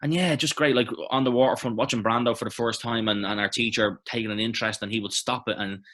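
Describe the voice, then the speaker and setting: An Irish man in his thirties, an actor reminiscing in a relaxed, rambling interview with many fillers and restarts. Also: medium pitch, quick pace. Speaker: actor guest. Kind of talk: casual interview chat.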